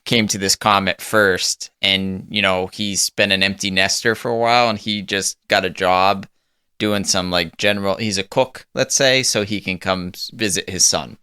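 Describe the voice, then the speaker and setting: A man describes his new character in a tabletop role-playing game, his voice very low yet bright and smooth. The sound is dry and close, and he talks in a slow, drawn-out way. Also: fairly even intonation, no echo. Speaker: player.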